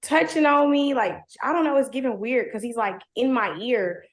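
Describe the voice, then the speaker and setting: A woman's voice: on the high side, moderate pace. A young woman telling her own story in casual, slangy talk, packed with "like" and blunt language, in a roomy, echoey recording. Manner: heavy "like" fillers, slangy, blunt. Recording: roomy echo.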